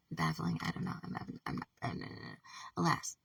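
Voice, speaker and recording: A woman talking to camera in a rambling, halting personal monologue, swearing often, trailing off mid-thought and sometimes dropping to a whisper. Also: sits low, creaky, fairly bright tone, husky, no echo, far from the mic. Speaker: vlogger.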